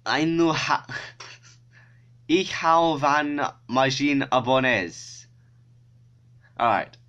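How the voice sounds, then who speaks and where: A man's voice: mid-range voice, very slow, pushed and bright, muffled recording. A male YouTuber in casual vlog chat, self-mocking and swearing freely.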